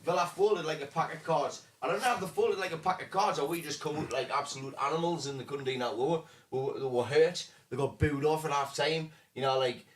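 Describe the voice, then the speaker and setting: A man's voice: on the high side, brisk, hardly any pauses. A man co-hosting a casual football podcast, chatting and reading out viewer comments. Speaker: podcast co-host.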